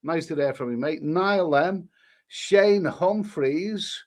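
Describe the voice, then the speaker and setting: Slow-paced, with a slightly high voice and darkish tone, a middle-aged man from England hosts a relaxed live stream. He reads out usernames and viewer messages, rambling and chatting about them.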